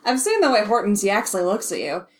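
A woman's voice: medium pitch, sing-song, brisk, natural voice. A cheeky teenage wizard boy, played by a woman in an amateur audio drama. The voice bounces up and down as he slips in sly, teasing remarks. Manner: sly, chiming in with teasing bets.

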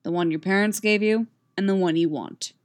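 A gruff grown man who coaches a martial arts class , read by a woman narrator, curt and grumbling. He speaks in short, impatient bursts. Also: medium pitch, a little fast, close to an everyday voice.

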